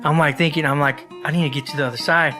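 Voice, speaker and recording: A man's voice: on the high side, fairly even intonation, fast, pushed and bright, soft background music. A man co-hosting a casual podcast who tells crude stories in a rambling way, swearing freely and calling people "bro". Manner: laid-back rambling storyteller, says "bro" a lot, swears freely. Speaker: podcast co-host.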